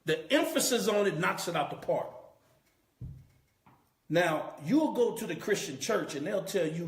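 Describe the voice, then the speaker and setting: A man's voice: sits high, expressive, a little slow, long pauses. A man teaching a scripture class as a preacher, emphatic and repeating his key points. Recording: roomy echo.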